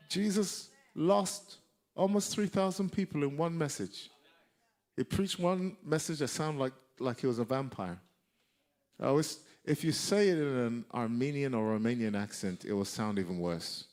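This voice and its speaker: A male preacher delivering a sermon, emphatic and repeating key lines for effect, with a gravelly voice. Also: fairly high pitch, expressive, a little slow.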